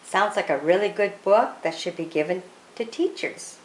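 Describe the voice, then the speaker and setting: A woman's voice: mid-range voice, moderate pace, roomy sound, slight background noise. A woman casually introducing old magazine stories and signing off to her viewers. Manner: chatty, lively sign-offs. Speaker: channel host introducing readings.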